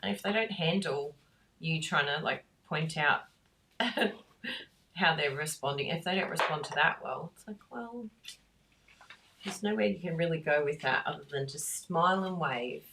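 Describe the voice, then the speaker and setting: Low-voiced woman chatting while crafting. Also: normal speed, recorded from a distance, background noise. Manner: warm, rambling, laughs often. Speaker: craft class host.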